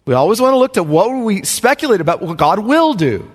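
A man preaching a Bible study sermon, emphatic and animated, chuckling between points. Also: high voice, fast talker, hardly any pauses, husky. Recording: long hall reverb.

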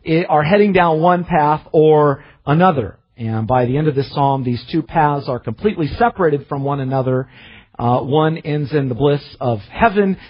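A male preacher delivers a sermon with a high, lively voice that rises and falls a lot. His tone is somewhat husky, and he earnestly questions himself, often restarting his phrases. The recording sounds dull and lo-fi. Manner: earnest, self-searching preaching with repeated restarts.

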